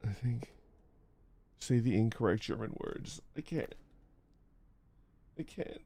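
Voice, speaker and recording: Slow, animated streamer groaning at a game. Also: medium pitch, husky, dry recording. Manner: loud groaning outbursts and halting reading aloud. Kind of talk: casual live-stream chat while gaming.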